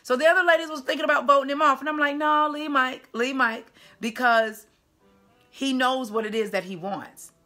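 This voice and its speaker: A woman's voice: high-pitched, fairly quick, bright, forceful tone, faint music behind. A woman dating coach giving casual video commentary in an emphatic, chatty way with punchy asides.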